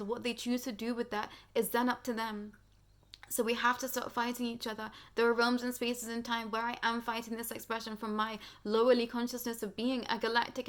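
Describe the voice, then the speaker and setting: A woman close to tears, speaking earnestly and slowly about a spiritual awakening as host of her channel. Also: fairly high pitch. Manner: tearful, earnest, slow heartfelt pauses. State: close to crying. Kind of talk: emotional spiritual monologue.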